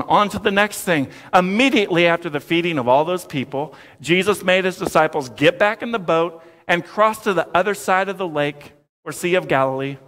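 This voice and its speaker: A man in his forties preaching a sermon as pastor, with playful asides and animated storytelling. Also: on the high side. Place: church sanctuary. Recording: long church reverb.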